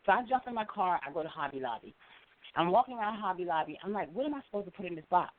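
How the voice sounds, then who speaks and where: Animated woman calling in by phone. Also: on the low side, fast, background noise. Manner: animated storyteller, acts out quoted voices. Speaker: caller. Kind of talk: call-in storytelling. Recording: phone line.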